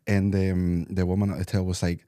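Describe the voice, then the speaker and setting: A Spanish-born man whose English carries a Scottish accent with a faint Spanish twang, telling stories in a lively casual chat. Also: low voice, normal speed, clear, resonant tone, no echo, studio quality. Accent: Scottish English with slight Spanish twang. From Spain. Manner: animated storyteller who acts out other voices. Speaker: guest.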